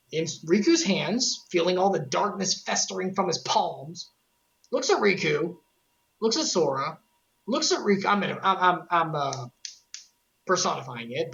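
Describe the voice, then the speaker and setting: Animated woman joking through a lore recap. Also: on the low side, vocal fry, muffled recording. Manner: animated, joking, with sarcastic asides. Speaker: streamer recapping game lore. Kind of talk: casual lore recap on a stream.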